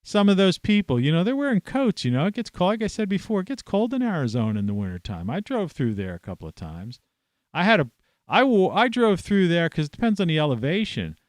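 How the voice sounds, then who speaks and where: A man's voice: high voice, sing-song, fast talker, dry recording. Guy ranting at home, cussing a lot, voice jumps all over, dry sound. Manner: profane, scornful ranting. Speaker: vlogger. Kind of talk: ranting monologue to camera. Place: at home, indoors in an old house.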